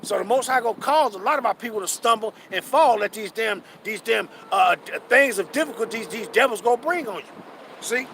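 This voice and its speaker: A man with a high voice preaches hard on a city street, swearing freely and circling back over his points. He slows right down when he reads the verses. Heavy traffic and street noise run loud behind him. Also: rough recording. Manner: fervent, profane, repeats himself, reads verses slowly. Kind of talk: street sermon with scripture reading.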